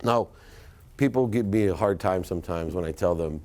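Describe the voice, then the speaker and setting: A middle-aged man speaks from a stage to a live audience. His voice sits low, and he tells his story with emphatic force, swinging from loud punches to hushed, quiet asides. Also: normal speed. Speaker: keynote speaker. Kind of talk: motivational speech to a live audience.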